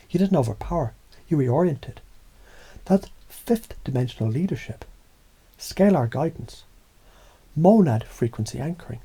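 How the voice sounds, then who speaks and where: Husky dark-voiced man preaching intensely. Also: a little high. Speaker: motivational speaker. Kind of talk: scripted motivational monologue.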